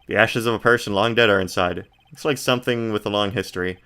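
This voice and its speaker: A man's voice: steady tone, fast talker, bright, forceful tone, clear, resonant tone. A man streaming a game, reading the game text aloud in a casual, laid-back way, often murmuring his asides. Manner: laid-back, reads descriptions in a low murmur.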